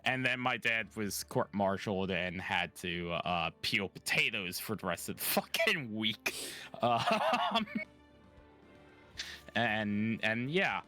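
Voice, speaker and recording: Bright, animated man telling stories. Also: fairly low pitch, takes it slowly. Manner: swears freely, laughs a lot, animated storytelling. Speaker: streamer co-host. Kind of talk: casual storytelling chat. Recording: music faint in background.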